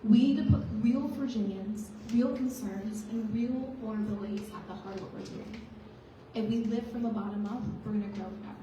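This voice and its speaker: A woman's voice: fairly high pitch, steady tone, fairly quick, mellow, a little hiss or hum. A woman candidate giving an earnest, rousing campaign speech to a crowd. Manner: earnest, rousing, builds to emphatic lines. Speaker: political candidate. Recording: echoey hall, voice from far off.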